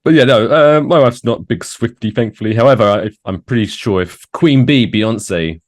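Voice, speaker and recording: A man's voice: medium pitch, normal speed. A young adult man, a podcast guest, chatting casually with a joking, sarcastic manner. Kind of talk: casual chat.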